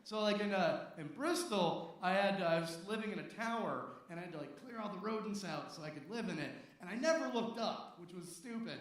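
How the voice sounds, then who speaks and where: A man's voice: high-pitched, lively intonation, brisk, hardly any pauses. Rambling male stand-up in an echoey club. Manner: rambling, self-mocking, with crude jokes. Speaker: stand-up comedian. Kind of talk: stand-up set. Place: comedy club stage before a live audience. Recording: roomy, distant live club recording.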